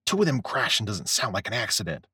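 A man's voice: on the high side, sing-song, moderate pace, dry recording, studio quality, pitched above the performer's own voice. A man voicing a laid-back young male warehouse worker who talks in a casual, slangy way.

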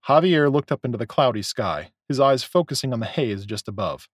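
A man narrating a novel as an audiobook, in a measured, expressive storytelling way. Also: medium pitch, dry recording, clean studio sound. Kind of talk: scripted narration.

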